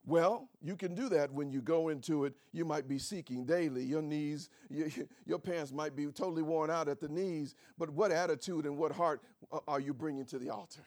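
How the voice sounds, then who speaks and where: A man's voice: a little high, normal speed, few pauses. A man preaching a sermon, asking rhetorical questions, calling for amens and chuckling between points. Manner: swings from soft to shouting, rhetorical questions.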